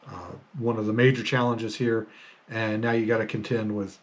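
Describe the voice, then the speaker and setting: A man's voice: lowish voice, fairly even intonation, normal speed, dull audio. Rambling, hesitant man telling stories. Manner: rambling, hesitant, many fillers and restarts. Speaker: podcast host. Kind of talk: casual storytelling monologue.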